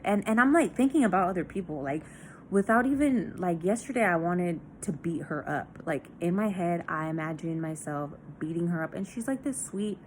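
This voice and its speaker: A woman's voice: fairly low pitch, lively intonation, moderate pace, darkish tone, a little hiss or hum. A young woman talking candidly in a personal diary vlog, raw and confessional, swearing often and full of fillers. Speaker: vlogger.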